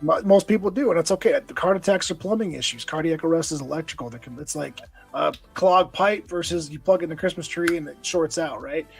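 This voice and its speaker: A man's voice: fairly high pitch, a little fast, vocal fry, hardly any pauses, soft background music, rough recording. A man guesting on a podcast, telling an emotional personal story in an earnest, intense way, often repeating words when stirred. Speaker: podcast guest, nonprofit founder.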